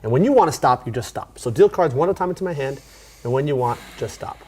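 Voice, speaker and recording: A man teaching a card magic routine in a casual tutorial, talking in a relaxed way with plenty of fillers and restarts. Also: medium pitch, quick pace, husky.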